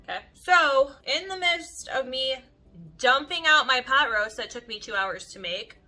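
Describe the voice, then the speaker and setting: A young woman beauty vlogger talking to camera in an animated, chatty way, leaning heavily on "like" as she tells stories. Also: high voice, unhurried. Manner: animated, chatty, heavy use of "like". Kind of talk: casual storytelling chat to camera.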